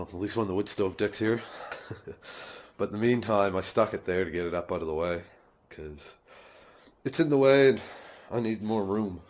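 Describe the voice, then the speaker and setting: A man vlogging casually in his garage, swearing easily and chuckling as he talks into a handheld phone. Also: lowish voice. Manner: swears casually, laughs often. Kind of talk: casual rambling vlog. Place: home garage. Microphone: phone camera held by hand.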